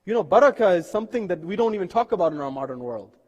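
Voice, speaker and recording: A male preacher delivers a sermon with earnest storytelling and rhetorical questions. His voice sits high for a man. The sound carries the long reverb of a mosque hall. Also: big pitch swings, rapid-fire, highs cut off.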